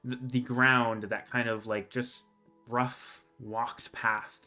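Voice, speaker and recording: A man running a tabletop fantasy game as dungeon master, describing scenes in a relaxed, descriptive way. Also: mid-range voice, slow, soft background music.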